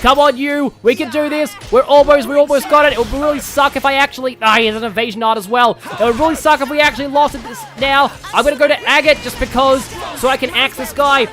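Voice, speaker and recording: A man from Australia putting on a broad Australian accent while excitedly commenting on a video game as a streamer. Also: extremely high pitch, fast, hardly any pauses. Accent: put-on broad Australian. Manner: rambling and excitable, shouting at the game. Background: game music.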